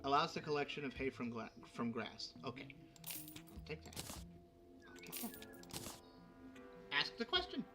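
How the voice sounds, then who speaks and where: A man in his thirties hosting a casual gaming livestream, excitable and given to loud exclamations. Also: on the high side, measured pace, long pauses, over music. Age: 30s. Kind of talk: casual live gameplay chat.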